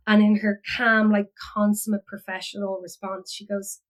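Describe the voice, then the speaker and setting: An Irish woman, a philosophy educator appearing as a podcast guest, tells a personal story in a rambling way full of fillers and restarts. Her mid-range voice is flat and brisk with few pauses, and the recording is rough.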